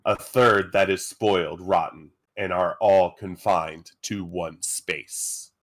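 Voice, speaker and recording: A man running a tabletop game as game master, reading riddles slowly and deliberately. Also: deep voice, steady tone.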